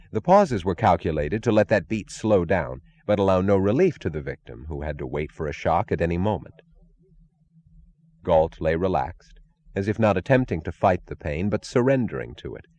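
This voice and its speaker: A man narrates an audiobook in a deep, low voice. His reading is measured but dramatic, rising and falling across a wide range of pitch. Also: a little mellow, dull audio. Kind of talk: scripted narration.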